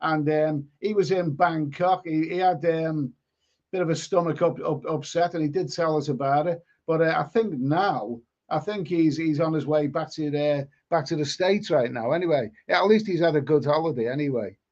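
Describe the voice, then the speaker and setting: A rambling man hosts a casual live stream and answers viewer comments as they come in. His voice sits a little high for a man and trips over repeated words. The stream audio is dull and lo-fi. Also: moderate pace, a little mellow. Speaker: live stream host reading chat.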